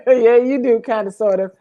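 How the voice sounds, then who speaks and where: A woman co-hosting a casual livestream chat, lively and chatty, calling out viewers by name. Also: on the high side, muffled recording. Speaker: co-host.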